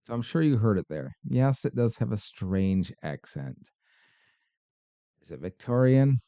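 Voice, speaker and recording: Hosting a podcast, this man watches paranormal videos and picks them apart with dry skepticism and sarcastic remarks. His lowish voice has a mellow, sing-song quality, he speaks unhurriedly, and there's no room sound.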